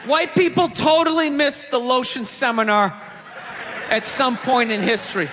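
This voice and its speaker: High-voiced ranting male stand-up comic. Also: moderate pace. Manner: ranting, profane, exasperated. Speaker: stand-up comedian. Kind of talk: stand-up comedy set. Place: theater stage before a live audience. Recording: live theater recording with crowd noise and reverb.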